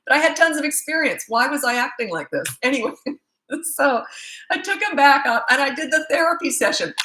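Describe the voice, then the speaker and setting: A woman's voice: high-pitched, a little fast, echoey room, a little hiss or hum, low-quality recording. A woman parenting coach chatting casually in a live Q&A, telling stories with lots of laughter. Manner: animated storyteller, laughs often.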